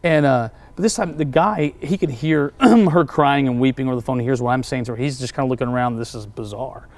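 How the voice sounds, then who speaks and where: Speaking briskly at medium pitch, a middle-aged pastor guesting on an interview delivers a lively story. He performs the quotes, voicing what each person said.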